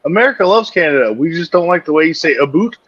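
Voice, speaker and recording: A man's voice: fairly high pitch, expressive, quick pace, a bit bright, husky, muffled recording. A middle-aged man in a casual talk show who teases bluntly and crudely. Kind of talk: casual chat.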